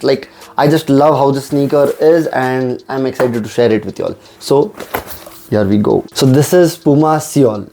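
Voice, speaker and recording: A young man with a medium-pitched, dark-toned voice eagerly unboxes and reviews sneakers. He's enthusiastic and keeps repeating "I just love" as he tells you how much he loves them.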